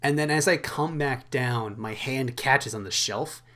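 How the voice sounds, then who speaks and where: A man's voice: mid-range voice, a little slow, pushed and bright. A young man co-hosting a podcast, telling a rambling, profane story with plenty of filler words and laughs in a casual chat. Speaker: podcast co-host.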